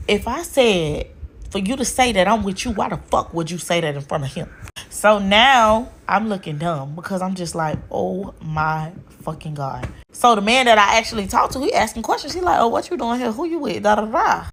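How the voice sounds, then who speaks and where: A woman's voice: mid-range voice, animated, moderate pace, fairly bright tone. A woman casually telling a relationship story, blunt and profane, with an exasperated edge.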